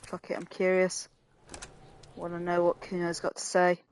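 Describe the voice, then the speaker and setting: A woman playing a video game and commenting quietly to herself in a dry, muttering way. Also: on the low side, completely flat delivery, moderate pace, a little hiss or hum, low-quality recording. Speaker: let's play gamer.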